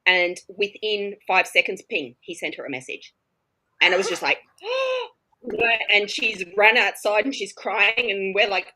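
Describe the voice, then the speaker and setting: A woman's voice: medium pitch, unhurried, rough recording. A woman, a teacher, telling a story in casual chat and acting out the people in it. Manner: animated, acts out the other people in her stories.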